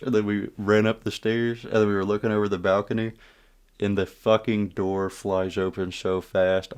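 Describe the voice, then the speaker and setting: A man with a very low voice tells a story time tale in a loose, casual way. He swears freely, acts out the moments with energy and breaks off to speak to his viewers. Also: smooth. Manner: profane, animated retelling with asides to viewers.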